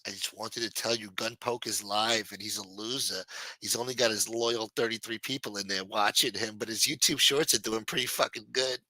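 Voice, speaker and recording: Brief: sulky jilted pal, low muttering voice, comic prank call, put on by a male streamer. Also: steady tone, normal speed, sharp tone, no room sound, poor audio. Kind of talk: comedic prank-call skit.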